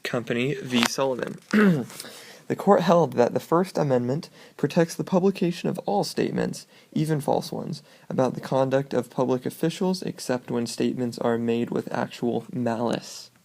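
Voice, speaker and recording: Gravelly man reading case summaries. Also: medium pitch, normal speed, a little mellow. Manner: reads formal summaries, then adds offhand jokey asides. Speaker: student presenter. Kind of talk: casual read-aloud of case summaries.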